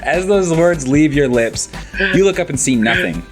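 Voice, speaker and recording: A man narrating a tabletop game as game master, relaxed, with fillers and restarts. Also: fairly high pitch, normal speed, soft background music.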